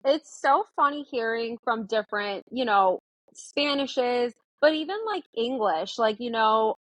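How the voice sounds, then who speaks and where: A woman's voice: on the high side, a little slow, fairly bright tone, dry recording, poor audio. A woman in her twenties, a therapist from the United States, chatting as a guest in a casual interview, with lots of "like" and acted-out quotes of herself.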